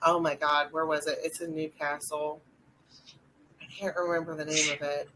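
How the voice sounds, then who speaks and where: A young adult woman, co-hosting a podcast and retelling a ghost hunt in a rambling, animated way with lots of fillers. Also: low voice, moderate pace, low-quality recording. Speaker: podcast co-host. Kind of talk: casual storytelling chat.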